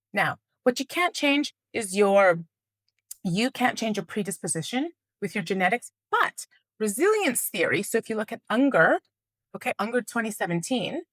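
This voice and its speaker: A middle-aged woman teaches a flip chart lesson straight to camera. She talks in an earnest, animated way and keeps checking in with her listeners, her voice sitting in a middle pitch. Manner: earnest, animated explainer with frequent rhetorical checks. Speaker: educator and trauma researcher.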